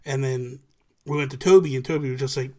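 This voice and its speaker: Over a video call, a podcast host runs a casual live talk show, speaking a little fast in a mid-range voice. He's an animated storyteller who performs other people's quotes as he goes.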